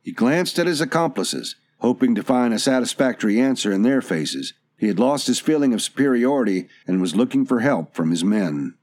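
A man narrating an audiobook in a steady, even storytelling manner. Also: medium pitch, brisk, hardly any pauses.

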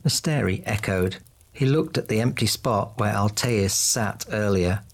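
A man narrating a fantasy audiobook in a steady, even way. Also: lowish voice, unhurried.

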